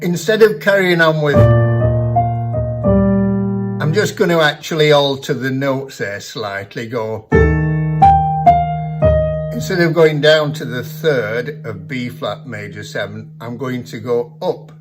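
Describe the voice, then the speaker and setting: A man giving a piano lesson, explaining technique in a measured, patient way. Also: mid-range voice. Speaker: piano teacher. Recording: piano playing heard in the background.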